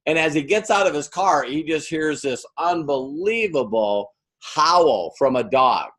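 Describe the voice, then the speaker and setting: Guy giving a motivational training talk, kinda high voice, acts out stories. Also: animated, unhurried, fairly bright tone. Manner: storytelling, acts out quoted voices. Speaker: business trainer.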